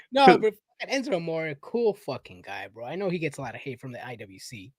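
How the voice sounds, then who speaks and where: A man's voice: fairly high pitch, animated, a little fast, darkish tone, slightly rough, no echo, studio quality. A man co-hosting a casual podcast, talking eagerly and swearing as he backs up his friend. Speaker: podcast co-host. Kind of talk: casual chat.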